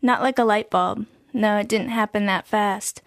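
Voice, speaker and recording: Woman narrator, measured and reflective, mid pitch, dry read. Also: steady tone, no room sound. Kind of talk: scripted narration.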